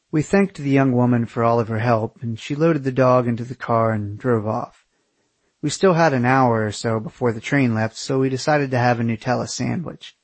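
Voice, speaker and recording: A young man reads his own travel memoir aloud with sardonic, self-mocking humor and plenty of swearing. His mid-range voice has a slightly husky edge. The recording is dry and close. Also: medium pitch, no room sound. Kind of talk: audiobook narration of a memoir.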